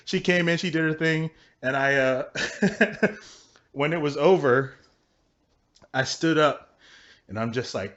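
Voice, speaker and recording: Guy ranting about his day, cusses constantly, laughs a lot, slightly high voice, dull lo-fi sound. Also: slow, pauses often, no room sound. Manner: profane, laughing often, animated storytelling. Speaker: vlogger. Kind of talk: casual storytelling rant. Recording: dull lo-fi recording with faint noise.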